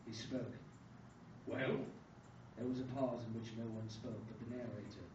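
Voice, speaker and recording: A young man reads his own absurd comic short story aloud in a coffee house, in a deadpan, dry manner. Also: lowish voice, fairly quick. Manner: deadpan, dryly absurd delivery. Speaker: student reader. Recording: echoey room from far off, dull and noisy. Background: café room ambience.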